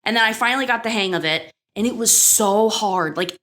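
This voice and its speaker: A woman's voice: medium pitch, brisk, fairly bright tone. A woman in her thirties co-hosting a podcast, chatting casually as she retells an episode, swearing freely and acting out the characters' lines. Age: 30s. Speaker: podcast co-host. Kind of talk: casual chat recapping an episode.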